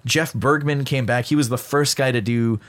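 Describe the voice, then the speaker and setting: A middle-aged male voice actor chatting casually on a podcast, animated and full of fillers. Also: mid-range voice. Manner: fast, animated storytelling with many fillers. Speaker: guest voice actor.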